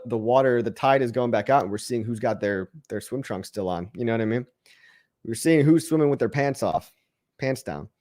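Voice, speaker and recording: A man talks straight to his livestream audience in a loose, rambling pep-talk voice, often restarting his words. His pitch sits in the ordinary middle for a man, and he keeps the mood upbeat and encouraging. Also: warm tone. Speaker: livestream host answering chat questions. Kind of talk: casual motivational rant.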